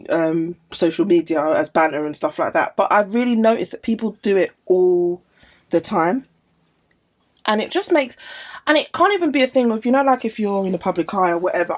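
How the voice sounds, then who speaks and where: Lively woman in casual chat. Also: mid-range voice. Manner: hesitant, fillers, clears throat. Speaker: podcast co-host. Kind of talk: casual chat among friends.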